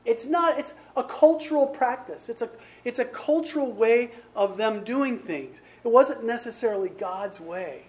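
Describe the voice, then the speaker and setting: A man's voice: very high-pitched, expressive, a little slow. Man preaching in a conversational way. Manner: conversational preaching, rhetorical questions to the congregation. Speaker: pastor. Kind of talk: sermon.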